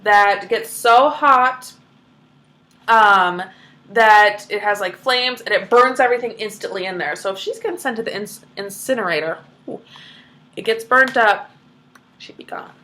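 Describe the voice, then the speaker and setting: A woman's voice: medium pitch, unhurried, pushed and bright. A woman reading a children's book aloud, stopping for chatty explanations. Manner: chatty asides full of "like".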